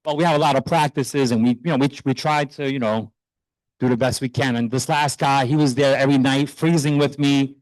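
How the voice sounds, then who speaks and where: A middle-aged man, a youth soccer coach, speaking earnestly and proudly while honoring his players at a town meeting, loose and a little halting. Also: mid-range voice, fairly even intonation, no room sound, rough recording. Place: township council meeting room.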